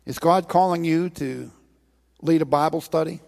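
A man's voice: fairly high pitch, moderate pace, gravelly, a little mellow. A man preaching a sermon in a church, earnest and pleading as he retells a scripture story and urges listeners to act. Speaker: pastor. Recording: long reverb of a large hall.

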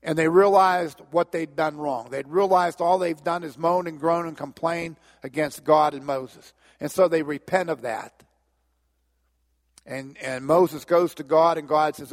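A middle-aged man preaching a sermon, telling the story in an animated way and often repeating "and, and". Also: fairly high pitch, a little slow. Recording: long hall reverb.

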